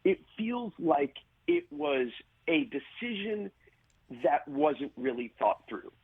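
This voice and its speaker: A man being interviewed as an actor over a video call, telling stories animatedly with quick restarts and laughs, in a gravelly voice. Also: fairly high pitch, very animated, dry recording, phone-quality sound.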